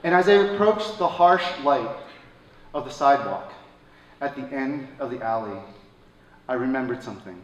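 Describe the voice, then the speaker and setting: A man telling a personal story at a live show, swinging between loud excited bursts and quiet somber lines. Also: medium pitch, moderate pace, pauses often. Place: stage at a live radio show. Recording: echoey stage from a distance, faint room noise.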